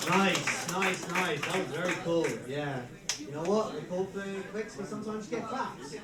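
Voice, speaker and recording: A man's voice: sits high, normal speed. English male emcee, thirties, self-mocking banter; distant mic in a reverberant room. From England. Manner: self-mocking storytelling with frequent laughs. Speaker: host. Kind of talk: stand-up comedy hosting. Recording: roomy live venue mic from a distance, crowd noise.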